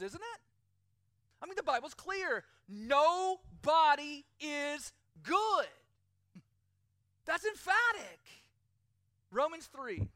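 A pastor with an extremely high, bright, forward voice preaches a sermon, his delivery emphatic and rising and falling. The recording is dry, with almost no room echo.

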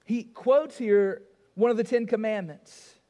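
High-voiced pastor in a reverberant hall. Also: male voice, a little slow, dark tone. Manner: emphatic, repeats key phrases, asks the congregation rhetorical questions. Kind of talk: sermon.

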